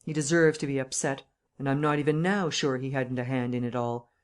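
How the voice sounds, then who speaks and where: A woman doing a gloomy, deadpan young correspondent. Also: very deep voice, a little fast. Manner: flat, expressionless, rueful.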